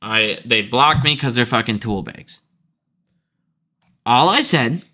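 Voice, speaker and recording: A man rants in a profane, heated finance commentary vlog. His voice is bright and cutting, and he sits at a middle pitch. He jumps between outrage and sarcasm at a restless clip. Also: lively intonation, a little hiss or hum. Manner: profane, heated, fast ranting.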